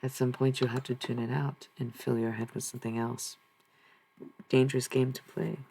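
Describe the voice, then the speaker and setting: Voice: mid-range voice, flat delivery, brisk, creaky, dark tone, a little hiss or hum, poor audio. A live streamer in casual, rambling talk with viewers, swearing freely and answering chat. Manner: rambling, profane, talks back to chat.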